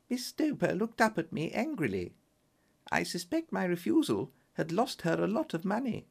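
Expressive, gravelly storybook narrator. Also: mid-range voice, normal speed. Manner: expressive first-person storytelling. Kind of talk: storybook reading.

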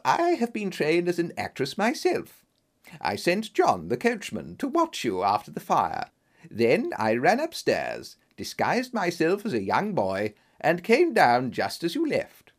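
Clever calm actress lady writing a letter, read by a guy, lively pitch. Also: full character voice. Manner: measured letter reading. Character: clever cool-headed woman, an actress.

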